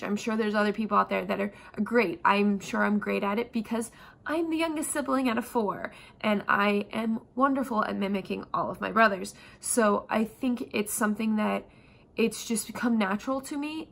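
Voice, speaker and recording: A woman's voice: a little high, creaky, fairly bright tone. A young woman acting coach chatting casually to camera in an upbeat, self-assured way. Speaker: actor vlogger.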